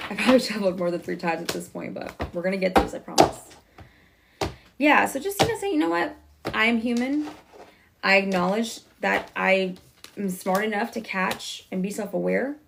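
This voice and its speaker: Woman tarot reader, casual and reassuring, rushes her words, slight vocal fry. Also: medium pitch, very noisy. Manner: talks fast, self-correcting, chatty and reassuring. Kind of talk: casual tarot reading to viewers.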